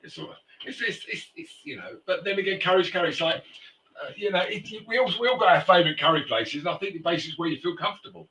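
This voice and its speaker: A man hosting a talk show in a loose, rambling way, stopping and restarting his sentences. His voice sits a bit high and sounds forceful and bright. He is heard from a distance in an echoey room. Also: expressive, fast talker, slight background noise. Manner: rambling storyteller, frequent restarts and fillers. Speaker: host. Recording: roomy, distant mic.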